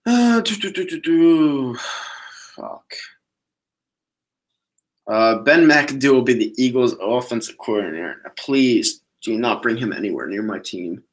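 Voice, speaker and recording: A man's voice: medium pitch, very animated, measured pace. Profane, blunt man ranting about sports. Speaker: podcast host reading viewer questions. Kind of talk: casual solo sports podcast.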